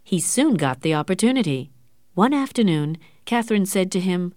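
A woman narrating an audiobook story with clear, expressive storytelling. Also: fairly low pitch, moderate pace, no echo, studio quality.

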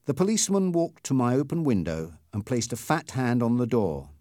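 A male audiobook narrator tells a first-person story with a very lively, swinging pitch and a mid-range voice. The recording is dry and close, with no room sound. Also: moderate pace, no echo.

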